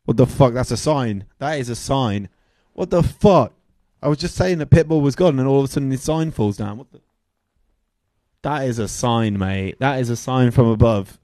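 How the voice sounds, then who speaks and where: A man's voice: medium pitch, moderate pace, mellow, dry recording, studio quality. A man hosting a DJ livestream, rambling and joking, swearing freely and trailing into asides. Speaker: DJ livestream host.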